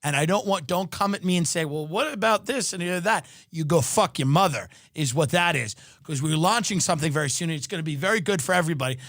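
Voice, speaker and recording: A man ranting as a comedian and podcast host, loud and mocking, with exaggerated outrage. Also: fairly high pitch, fast, hardly any pauses, no echo, studio quality. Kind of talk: comedic rant.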